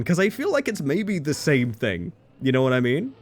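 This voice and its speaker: Streamer, chatty storyteller, animated pitch, rambling, faint music underneath. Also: normal speed. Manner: chatty, rambling, lots of fillers. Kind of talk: casual live-stream storytelling.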